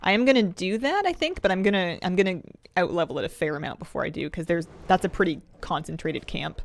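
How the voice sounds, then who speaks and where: Fast and expressive, a woman with a voice on the low side streams a game and chats casually. She laughs often and thinks aloud as she plays.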